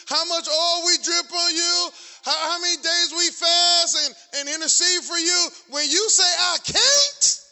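Man, pastor, high voice, very bright, shouting sermon, repeated phrases, long hall echo.

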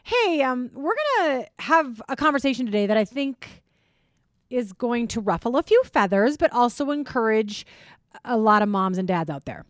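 A woman's voice: on the high side, lively intonation, moderate pace, no echo. A middle-aged woman hosting a casual radio talk show from a studio, chatty and playful, laughing often. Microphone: studio microphone.

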